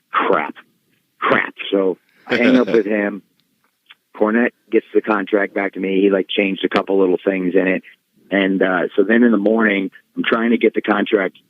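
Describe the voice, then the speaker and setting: A low-voiced man tells a story as an interview guest, casual and animated. The sound is dull and bone dry, with no room at all. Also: no room sound. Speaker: guest wrestler.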